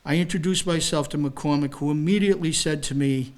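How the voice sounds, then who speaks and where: At a library talk, an older retired police detective tells an audience about a case, reading formal report language and interrupting with casual asides. His voice is fairly high and somewhat dark in tone, and he speaks a little fast.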